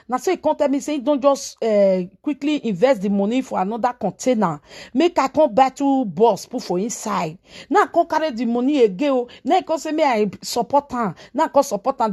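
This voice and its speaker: A woman speaking in a Nigerian Pidgin accent, telling a story as a vlogger and scolding dramatically, switching between shouts and hushed asides. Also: on the high side. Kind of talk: animated storytelling commentary.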